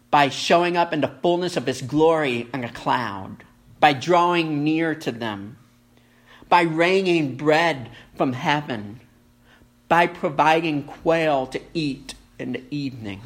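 A pastor delivers a sermon at an unhurried, measured pace. The voice sits at a middle pitch and keeps circling back to the same phrases for emphasis. It climbs for the urgent points and sinks almost to a whisper for the tender ones. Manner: rhetorical, repeats phrases for emphasis, swings between raised and hushed delivery.

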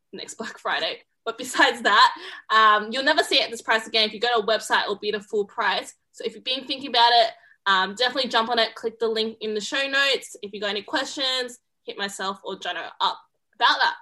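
An upbeat woman with a bright, fairly high voice pitching a sale on a podcast. Her talk is quick and eager. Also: low-quality recording. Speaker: sales and marketing manager. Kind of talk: promo segment in a podcast.

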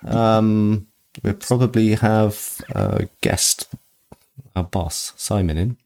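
A woman co-hosting a podcast in an easygoing, supportive way, pausing with "um" as she talks. Her voice is unusually low-pitched. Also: dark tone. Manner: easygoing, supportive, fills gaps with um. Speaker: podcast co-host. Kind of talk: casual chat.

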